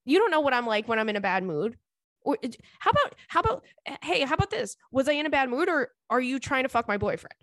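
Young woman, podcast host, casual chat, animated, indignant, swears, slightly high voice, dry close sound. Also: fast, few pauses, dry recording. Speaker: podcast host reading and answering listener letters.

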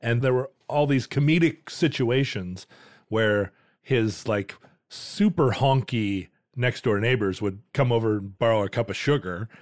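A man's voice: mid-range voice, a little slow, dry recording. A man co-hosting a podcast, earnest with dry asides in casual chat.

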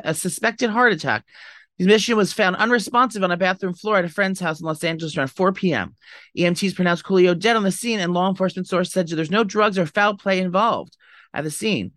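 Quick-talking and gossipy, a man co-hosts a podcast, turning casual conversation into drama. He has a high-pitched, fairly bright voice. The sound is clean studio audio without echo.

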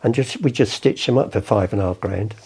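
A gravelly, mellow, lowish voice belongs to an older man who talks a little fast. In this storytelling interview the former art forger wanders through his anecdotes, voicing each person he mentions.

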